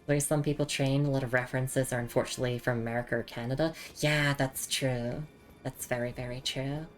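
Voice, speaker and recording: A young Australian woman streams a game in a loose, chatty way, tripping over and repeating her words. Her Australian voice sits very low. Faint game music plays behind her. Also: steady tone, fairly quick. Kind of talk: casual live game commentary.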